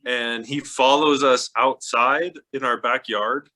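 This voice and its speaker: Animated man telling a family story. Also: medium pitch, slow. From Utah. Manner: animated, laughing, lots of "like" fillers. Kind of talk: casual storytelling.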